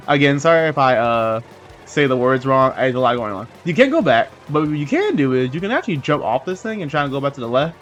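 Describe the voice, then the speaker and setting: Playful man with a lively voice. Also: medium pitch, brisk, soft background music. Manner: joking, playful asides. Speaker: gaming channel host. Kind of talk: let's play commentary.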